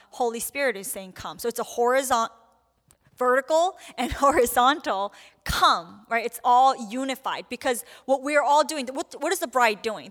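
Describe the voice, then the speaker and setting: A woman with a fairly high voice teaches on group prayer, talking casually and acting out little quoted prayers as she goes. Her voice rings with a long hall reverb. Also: a bit bright.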